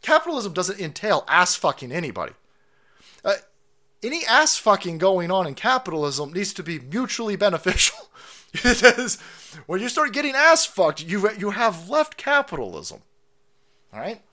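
A man with a fairly high, wildly swinging voice rants on a live stream. He swears constantly, laughs at his own jokes and mocks what he is reacting to. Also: wildly swooping pitch, normal speed, bright, forceful tone. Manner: swearing, sarcastic, laughing, mocking clips. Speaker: streamer host. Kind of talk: profane political rant stream. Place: California.

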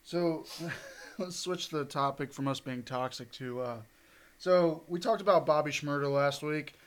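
A chatty podcast host, a man whose voice sits fairly high. He keeps breaking into laughter as he steers the talk to the next topic. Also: unhurried, a little hiss or hum. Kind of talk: casual chat.

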